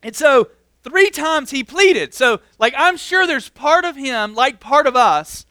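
A young man preaching a relaxed, chatty sermon as a pastor, filling his talk with "like". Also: extremely high pitch, measured pace, no room sound. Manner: casual, constantly says "like". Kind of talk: conversational sermon.

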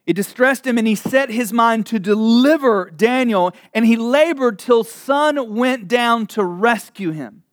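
Man preaching, high voice, slow delivery, dramatic scripture reading, casual asides. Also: no room sound, studio quality. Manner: animated storytelling with frequent laughs and asides; reads scripture slowly and dramatically. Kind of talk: sermon.

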